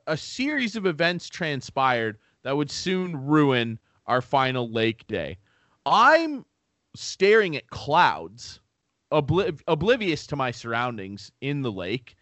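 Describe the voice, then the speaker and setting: A man hosting a podcast, telling a comic story in an animated, profane, self-mocking way. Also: on the high side, dry recording. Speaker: podcast host.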